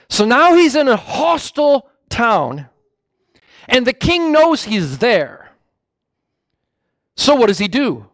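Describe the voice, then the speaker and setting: A male preacher delivering a sermon as animated storytelling, often stopping to correct himself. His voice sits high and swings widely in pitch. The sound is dry and close. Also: measured pace, pauses often, dry recording.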